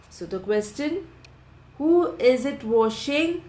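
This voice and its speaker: A woman teacher, taking a class of children through a lesson, repeating each question and answer slowly so they can write it down. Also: sits high, animated, darkish tone. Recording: roomy echo.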